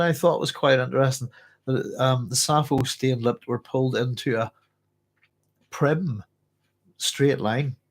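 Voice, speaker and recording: A man's voice: mid-range voice, creaky. Musing man hosting a book club. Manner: thoughtful, rambling, many ums and restarts. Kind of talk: casual live book discussion, reading aloud and chatting.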